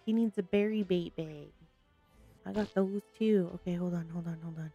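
A woman hosting a solo gaming video, chatting casually through her play with panicky, excitable outbursts. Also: lowish voice, moderate pace, lo-fi sound, faint music behind. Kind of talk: casual gameplay commentary.

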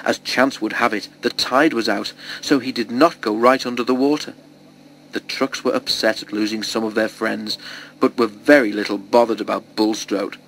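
A man reading a children's storybook aloud in a steady, expressive storytelling voice. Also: fairly low pitch, normal speed, vocal fry, a little hiss or hum, poor audio. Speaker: storybook reader.

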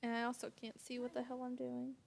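A woman's voice: on the high side, monotone, fast, gravelly, slight background noise. A young woman playing a horror game, reacting bluntly and swearing in casual commentary. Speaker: let's-play gamer.

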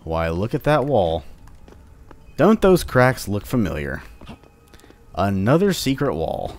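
Low-voiced man joking through a game. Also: sing-song, slow, long pauses, darkish tone. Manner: playful, jokingly taunts enemies. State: sore upper back. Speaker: let's-play host. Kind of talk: casual gameplay commentary.

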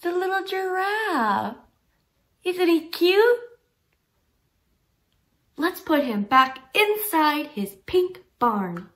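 A young adult woman teaching toddlers in a slow, sing-song way, with exaggerated encouragement and lots of praise. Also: extremely high pitch, big pitch swings, a bit bright.

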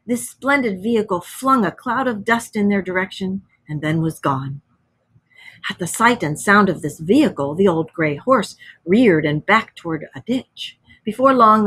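A woman teacher reads a story aloud to children with plenty of expression. She then pauses to explain it and ask questions. Her voice has a slightly husky edge. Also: mid-range voice, a bit bright. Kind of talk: reading a story aloud to a class.

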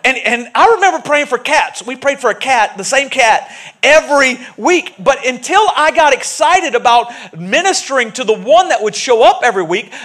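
Male pastor, lively high delivery, storytelling sermon in a church. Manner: animated, jokey storytelling preaching. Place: church sanctuary.

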